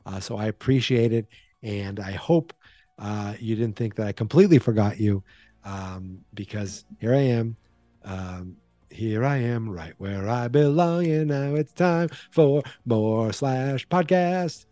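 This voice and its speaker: Boston guy rambling on his podcast, mellow voice, dry close mic, bit of music under it. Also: mid-range voice, measured pace, dry recording. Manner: rambling, self-deprecating, playful. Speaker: podcast host. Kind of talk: casual solo podcast chat.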